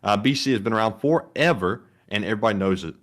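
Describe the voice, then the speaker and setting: Relaxed male co-host. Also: lowish voice, quick pace. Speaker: co-host reading super chats. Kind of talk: casual live-stream chat.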